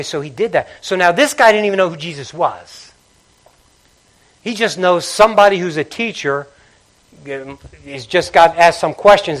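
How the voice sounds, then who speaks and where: A man preaching a sermon, telling stories with animated swings between loud outbursts and quiet passages. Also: on the high side. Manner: animated storytelling, acting out characters with loud outbursts and quiet drops.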